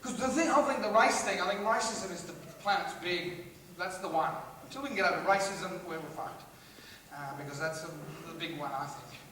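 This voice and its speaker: A man's voice: sits high, fairly quick, sharp tone, slight background noise. Brash profane Australian man in a hall. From Australia, Queensland. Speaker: stand-up comedian. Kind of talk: live stand-up comedy rant. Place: large music hall on stage. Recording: echoey hall, distant, crowd audible.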